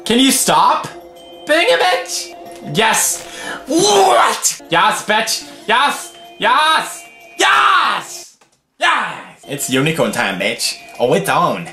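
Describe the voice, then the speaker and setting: A young man in his twenties with a Swedish accent, commentating a game while swearing, muttering low and yelling high. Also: wildly swooping pitch, very slow, echoey room, soft background music. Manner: loud, swearing, swinging between low mutters and high yells. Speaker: gaming video host. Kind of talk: gameplay commentary.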